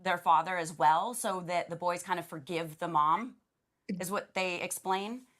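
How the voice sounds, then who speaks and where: Woman cohost chatting away, kinda low pitched, retells stuff. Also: measured pace, a bit bright. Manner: chatty, retelling scenes in quoted voices. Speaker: podcast co-host. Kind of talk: casual chat.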